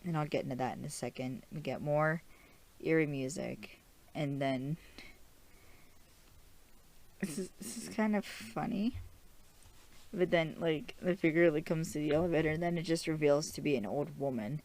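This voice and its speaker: A woman's voice: sits low, normal speed, long pauses, darkish tone. A young woman hosting a podcast, giving a chatty, rambling episode recap full of "like"s. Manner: chatty, rambling, with frequent "like" and restarts. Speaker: podcast host.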